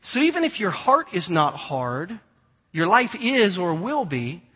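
A man, preaching a conversational sermon and telling stories with animated voices. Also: sits high, unhurried, breathy edge. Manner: conversational storytelling, animated imitations of children. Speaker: pastor. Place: large church hall. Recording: long hall reverb, dull lo-fi sound.

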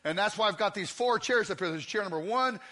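Guy preaching, high bright voice, cracks jokes and yells at the crowd. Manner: joking, fast-talking, often shouting to the crowd. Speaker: guest preacher. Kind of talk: lively sermon. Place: church sanctuary.

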